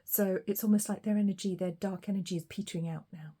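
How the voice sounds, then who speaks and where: A woman giving a collective tarot reading, talking in a reflective, unhurried way with frequent ums and pauses. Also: mid-range voice, steady tone, warm tone, breathy edge. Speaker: tarot reader.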